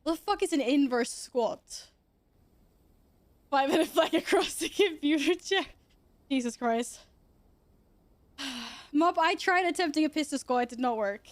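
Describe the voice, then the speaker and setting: A woman's voice: high voice, expressive, unhurried, long pauses, no echo. A young woman streaming from her computer at home, chatting casually, swearing freely and cooing at her cats. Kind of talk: casual chat.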